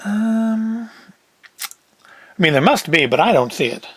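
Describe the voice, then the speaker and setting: A man's voice: high-pitched, sing-song, takes it slowly, husky, dry recording. A man hosting a casual solo talk, who rambles and thinks aloud in a chatty way. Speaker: host.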